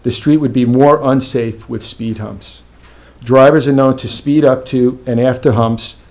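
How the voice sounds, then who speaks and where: A man's voice: medium pitch, steady tone, unhurried, darkish tone. A man, a local resident, reading a firm, factual prepared statement during public comment at a village board meeting.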